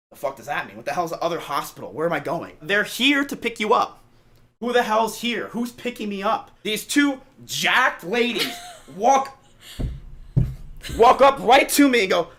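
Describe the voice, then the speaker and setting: Streamer guy, high bright voice, swearing, telling a story to chat. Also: moderate pace. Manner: animated, profane, acts out quotes.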